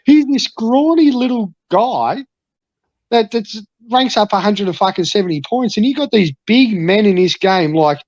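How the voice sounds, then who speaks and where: A man's voice: high voice, lively intonation, moderate pace, a little mellow, no room sound. Ranting, sweary Australian man, dull dry audio. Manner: swearing, ranting, mock-boastful. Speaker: podcast guest. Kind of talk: ranting casual chat.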